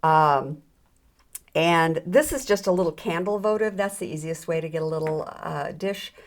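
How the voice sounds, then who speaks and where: A middle-aged woman with a low voice, speaking at a normal pace, runs a chatty, hands-on jewelry tutorial. She pokes fun at herself and often says "um" or restarts her sentences.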